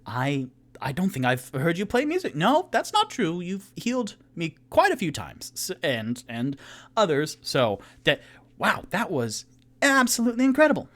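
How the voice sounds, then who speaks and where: A man voicing an excitable male adventurer who gushes in a raised voice in a tabletop game. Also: sits high, normal speed, pitched above the performer's own voice, full character voice. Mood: gushing.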